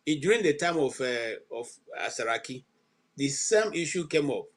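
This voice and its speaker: A man's voice: fairly high pitch, moderate pace, rough recording. Man moderating a heated debate. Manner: calming, interjects to steer. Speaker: host.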